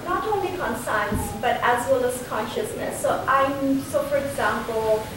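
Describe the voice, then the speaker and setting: A woman in the audience, herself a teacher, asking a question in a halting way and searching for words. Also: sits high, animated. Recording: roomy hall, distant mic, clear noise.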